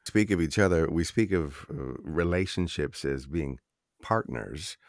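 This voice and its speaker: A man hosting a podcast interview, asking questions in a relaxed, conversational way. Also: extremely low pitch, a little slow, no echo, studio quality. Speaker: podcast host. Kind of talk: casual interview.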